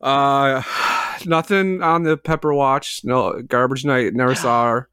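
A man's voice: mid-range voice, steady tone, measured pace, sharp tone, clean tone, no room sound. A man in his forties, a podcast co-host telling a long, self-mocking story in a casual chat, with filler words and the odd swear. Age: 40s.

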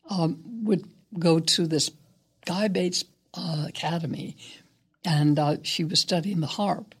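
An older woman, a guest actress, telling stories in an interview in a reflective, unhurried, somewhat hesitant way. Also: lowish voice, breathy edge. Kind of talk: interview storytelling.

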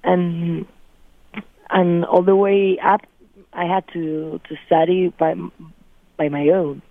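Slow, halting Spanish-accented woman. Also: on the low side, level tone, vocal fry, no room sound, phone-quality sound. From Spain. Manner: halting, restarts words while searching for English. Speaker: guest. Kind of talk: casual radio interview.

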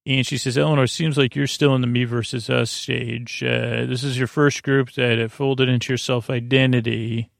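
A man hosting a sleep podcast, giving a meandering, low-key, halting recap of a TV episode. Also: level tone, vocal fry, no room sound, studio quality. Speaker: podcast host. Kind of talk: rambling bedtime episode recap.

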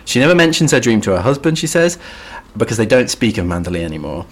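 A man co-hosting a literature podcast gives background in a dry, understated chat full of wry asides. His voice is medium-pitched with big pitch swings, and he talks fast.

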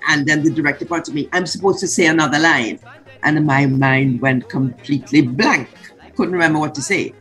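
A woman's voice: low voice, normal speed, fairly bright tone, faint music behind, rough recording. An older woman from the Caribbean animatedly recounting a film shoot, acting out the quotes as a guest. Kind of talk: storytelling interview.

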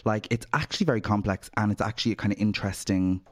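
A man co-hosting a podcast, talking things through with hesitant pauses and fillers. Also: lowish voice. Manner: hesitant, many fillers and restarts when serious. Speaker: podcast co-host. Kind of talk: casual podcast chat. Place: podcast studio. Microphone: podcast microphone.

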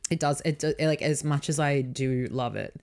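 Low-voiced Australian woman, frank casual chat. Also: steady tone, normal speed, darkish tone. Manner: frank, swears freely, laughs often. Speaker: podcast co-host.

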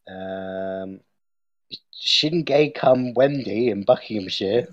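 This man in his twenties co-hosts a casual podcast and laughs while reading through a list. His voice is fairly low and slow, captured in a dry, lo-fi recording.

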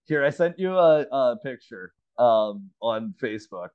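A man's voice: medium pitch, lively intonation, measured pace, clean tone. A man co-hosting a podcast from home over a remote call, telling a story in casual chat with lots of swearing and laughter. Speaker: podcast co-host. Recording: slightly dull, lo-fi remote audio.

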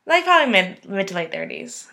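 A young woman co-hosting a casual podcast, her voice bright and ringing. She tells stories with animated, playful bravado. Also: mid-range voice, a little fast. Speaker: podcast co-host. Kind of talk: casual chat.

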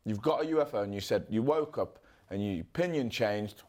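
A man co-hosting a podcast, chatting casually, swearing and jumping between quick impressions. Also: fairly low pitch, expressive, a little mellow. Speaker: podcast co-host.

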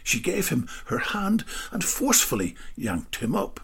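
Slow raspy guy reading a story, voice rolls up and down a lot. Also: fairly high pitch, wildly swooping pitch, a bit bright. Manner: slow, drawn-out delivery with whispered asides. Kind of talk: scripted story narration.

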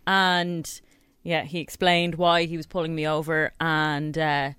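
A woman's voice: deep voice, flat delivery, unhurried, a bit bright, smooth, dry recording. A young woman with an Irish accent co-hosting a radio show, telling stories in a chatty, laid-back way. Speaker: radio co-host. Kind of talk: casual radio chat.

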